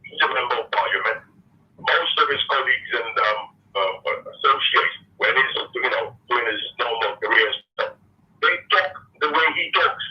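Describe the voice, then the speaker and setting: A man in a casual podcast discussion, explaining his view in a measured way with many fillers. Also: mid-range voice, expressive. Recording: dull, muffled sound from a distance.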